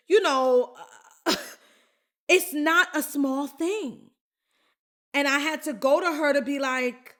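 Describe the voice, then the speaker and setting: This Bronx-born podcast host has a high, slightly bright voice, and she talks at a measured pace with frequent pauses. Sharing something personal, she stays chatty and frank, speaking straight to her audience.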